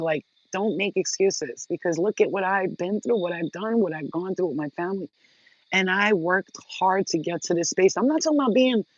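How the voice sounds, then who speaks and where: A woman's voice: lowish voice, a little mellow, dry recording. A woman talking straight to her viewers in a casual vlog, blunt, emphatic and freely profane. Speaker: vlogger. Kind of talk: casual direct-to-camera talk. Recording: dull lo-fi sound.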